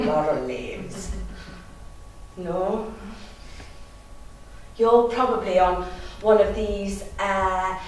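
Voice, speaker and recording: A young South Wales valleys woman with a fairly high, slightly mellow voice performs a teasing, bawdy dramatic monologue and laughs frequently. There's a little hiss or hum, and the sound is echoey from a distant mic.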